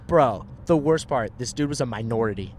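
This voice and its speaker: A man's voice: mid-range voice, expressive, a little fast, a little mellow. A young man from Southern California animatedly telling stories to a friend, swearing and saying "bro" and "dude" often. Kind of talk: casual storytelling to a friend. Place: inside a moving car. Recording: car ride with faint road noise.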